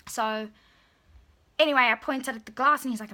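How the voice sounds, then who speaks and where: A woman's voice: on the high side, fast talker, bright, forceful tone. A woman telling a personal story in a chatty vlog, full of "like" and "you know". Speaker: vlogger.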